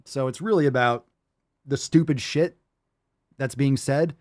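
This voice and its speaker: A man's voice: mid-range voice, unhurried, darkish tone, dry recording, clean studio sound. A man hosting a livestream podcast, reacting to clips with a profane, exasperated rant. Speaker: podcast host.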